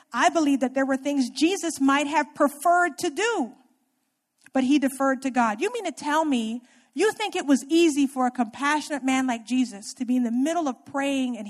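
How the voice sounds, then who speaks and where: A woman preaching a sermon in a conversational way, often asking the congregation questions and moving between loud emphatic lines and quiet ones. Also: sits high.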